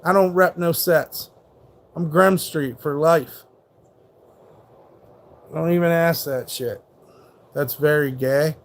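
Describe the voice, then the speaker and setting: A man's voice: fairly high pitch, steady tone, takes it slowly, long pauses. A man hosting a live stream, ranting in a rambling, profane and mocking way while reacting to chat. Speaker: livestream host.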